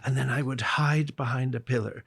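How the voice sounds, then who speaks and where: Irish-born male guest, gravelly and husky, animated anecdote teller, middle pitch. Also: moderate pace. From Ireland. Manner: lively anecdotal telling with quoted voices. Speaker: guest pianist. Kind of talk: storytelling in an interview.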